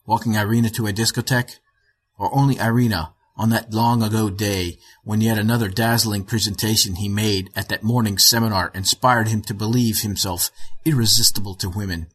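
A middle-aged man narrating a short story in a measured, even way with a husky voice. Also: fairly low pitch. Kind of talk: audiobook narration.

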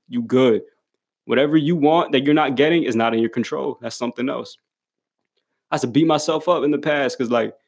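This young man's mid-range voice is creaky and a little mellow. Addressing the camera in a casual motivational monologue, he curses freely, leans on blunt street slang, speaks emphatically and keeps laughing mid-sentence.

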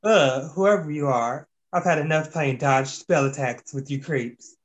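A man's voice: a little high, measured pace, lightly acted. A man reading the lines of a defiant young fairy heroine in a homemade fantasy story, in an unchanged everyday voice.

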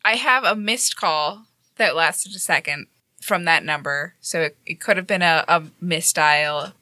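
A hesitant woman player explaining her character's moves in a tabletop game. Her voice is lowish yet bright, in a dry, close sound. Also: unhurried, no echo.

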